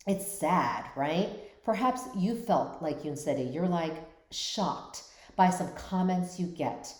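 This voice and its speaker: A woman's voice: on the low side, expressive, slow. Woman host with a roomy echo. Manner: warm, reflective, often asks "right?". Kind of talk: mental health commentary on a drama.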